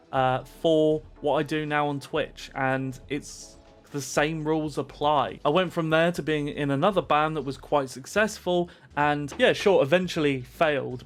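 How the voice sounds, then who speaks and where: A man giving streaming advice straight to camera with pumped-up, animated energy. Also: a little high, measured pace, faint music behind.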